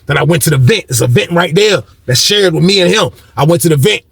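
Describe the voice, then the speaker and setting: Gravelly young man telling a story. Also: on the high side, quick pace, no room sound. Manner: animated, slangy, acts out quotes. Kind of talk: casual storytelling.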